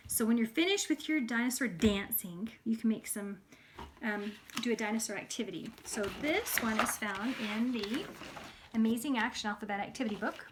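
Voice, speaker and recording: A woman's voice: on the high side, lively intonation, normal speed, background noise. A woman teaching letters to young children in an upbeat, sing-song, coaxing way. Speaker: preschool teacher.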